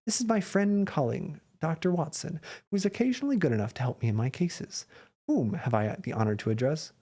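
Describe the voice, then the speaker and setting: Man doing a brisk, high-pitched gentleman detective. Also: lively intonation. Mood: eager. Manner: quick, eager and commanding, pitched higher. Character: brisk, sharp-witted gentleman detective, male.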